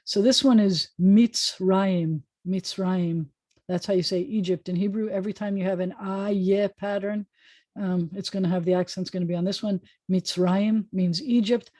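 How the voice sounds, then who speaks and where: A woman rabbi teaching an informal online Hebrew class over a video call, chatty and joking as she sounds out words slowly. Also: medium pitch, fairly even intonation, dark tone, no room sound.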